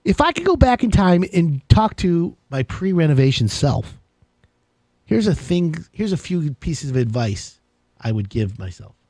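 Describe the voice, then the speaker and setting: A man hosting a live home-improvement show, talking in a rambling, jokey, excitable way. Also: on the high side, a little slow, no echo. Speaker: radio show host. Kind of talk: casual live call-in show chat.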